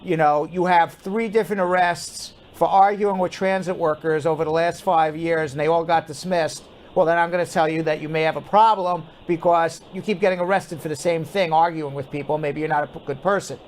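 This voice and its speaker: A man's voice: a little high, fairly even intonation, fairly quick, few pauses, a little hiss or hum. A man hosting a live call-in legal advice show, blunt and firm with callers, often repeating himself.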